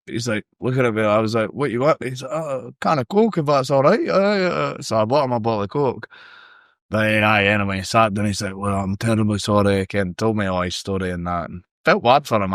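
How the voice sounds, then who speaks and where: A Scottish man spins a lively, sweary yarn in a casual podcast chat. His voice sits fairly low. The sound is dry and close, with no room echo. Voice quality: sweary, animated storyteller. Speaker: podcast guest. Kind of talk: casual storytelling.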